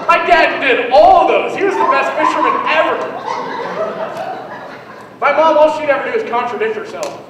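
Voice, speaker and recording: A young man with a very high voice does a rambling, self-mocking stand-up set, joking with the crowd as he goes. The sound is a big echoey hall with a long reverb tail. He is caught from far off, with steady room noise behind him. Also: moderate pace, pauses often. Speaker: stand-up comedian. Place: live comedy venue with an audience.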